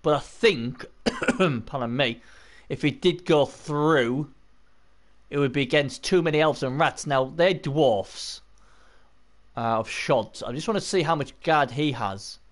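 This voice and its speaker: Man, slightly high voice, rambling live-stream commentary, chatty with viewers, desk mic. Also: a little slow.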